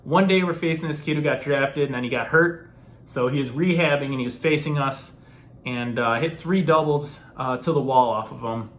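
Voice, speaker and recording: A young man casually telling a story to camera, animated and laughing often, acting out the people in it. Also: mid-range voice, normal speed. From New York. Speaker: former college baseball player telling his story.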